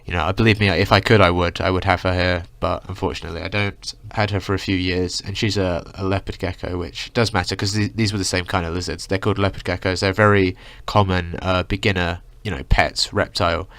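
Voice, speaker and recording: A man's voice: low voice, level tone, fast, hardly any pauses, a bit bright, dry recording. A young man ranting through a casual storytime, rambling with lots of filler words. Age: young adult. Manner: rambling, full of "like" and "you know". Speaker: vlogger.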